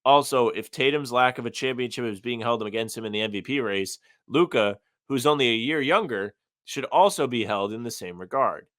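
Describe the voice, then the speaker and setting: A man's voice: mid-range voice, a little fast, fairly bright tone, dry recording, studio quality. A man co-hosting a casual sports podcast, reading out listener comments and giving blunt opinions. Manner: reads listener comments aloud, opinionated and conversational. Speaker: podcast co-host.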